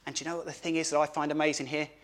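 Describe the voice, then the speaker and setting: A man giving a children's sermon at a family church service, animated, asking the children questions and repeating words for emphasis. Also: fairly high pitch, very fast.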